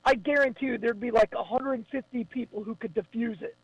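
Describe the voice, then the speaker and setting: Man, very high voice, radio guest, enthusiastic, dry close mic. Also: no echo, low-quality recording. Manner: enthusiastic, quick interjections. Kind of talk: casual radio chat.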